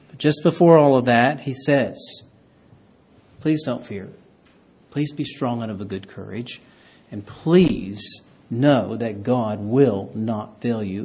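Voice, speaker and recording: Man, pastor, sermon, husky voice, scripture reading, emphatic swells. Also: mid-range voice. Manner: reads scripture aloud, rising loud on key words.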